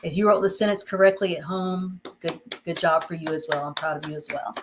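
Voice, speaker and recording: A woman teaching a live online reading class, praising students and dictating short sentences slowly and clearly. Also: on the low side, fairly even intonation, background noise. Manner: slow, encouraging, drawn-out dictation of sentences.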